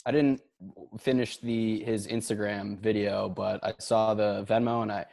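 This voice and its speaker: A man's voice: fairly low pitch, flat delivery, unhurried, vocal fry, a little mellow. A man co-hosting a comedy podcast, joking loosely and often trailing off mid-thought. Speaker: podcast co-host. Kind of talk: casual podcast chat.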